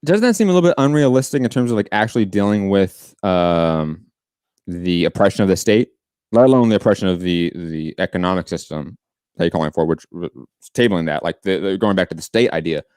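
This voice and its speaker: A man's voice: low-pitched, lively intonation, fairly quick, darkish tone, clear, resonant tone, no room sound, studio quality. A man co-hosting a political podcast debate, pressing his opponent with long probing questions. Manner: probing, pushes back with questions. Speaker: podcast co-host.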